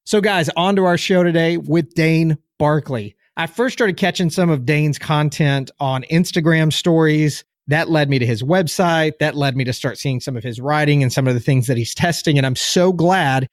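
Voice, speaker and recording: A man's voice: on the high side, normal speed, hardly any pauses, dry recording, clean studio sound. A man hosting a podcast, upbeat and enthusiastic, talking emphatically to his listeners. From United States. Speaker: podcast host. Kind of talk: podcast intro and interview.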